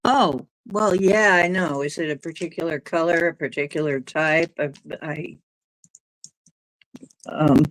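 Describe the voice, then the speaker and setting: A woman's voice: deep voice, measured pace, no room sound, poor audio. A middle-aged woman hosting a casual livestream, rambling from topic to topic and reacting to chat comments as they come in. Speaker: livestream host reading chat.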